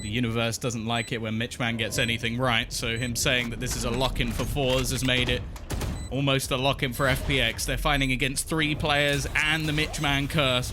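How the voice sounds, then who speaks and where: A man casting an esports match, teasing his co-caster with dry banter. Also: medium pitch. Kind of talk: play-by-play commentary.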